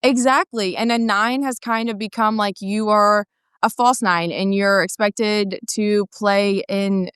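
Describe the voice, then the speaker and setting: A woman's voice: medium pitch, steady tone, unhurried, fairly bright tone, clear, resonant tone, dry recording, studio quality. A woman in her thirties guesting on a chat show, casual and enthusiastic, cursing freely and full of slang. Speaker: guest soccer correspondent.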